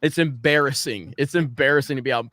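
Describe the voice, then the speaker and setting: A man's voice: medium pitch, fast talker, a bit bright, no echo. A man hosting a podcast in casual chat, laughing often and swearing freely. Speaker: podcast host.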